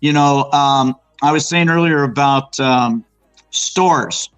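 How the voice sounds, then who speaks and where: A man's voice: medium pitch, slow, fairly bright tone, smooth, rough recording. A man from Arizona, raised in Los Angeles, chatting as a guest and telling rambling local stories with many restarts. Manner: rambling storyteller, restarts and fillers, acts out quotes. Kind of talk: casual chat about local hauntings.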